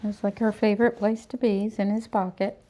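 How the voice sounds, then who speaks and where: Speaking fast in a medium-pitched, dark voice with a level tone, a middle-aged woman grooms a dog in her salon while chatting on a livestream, soothing the pet and recounting stories.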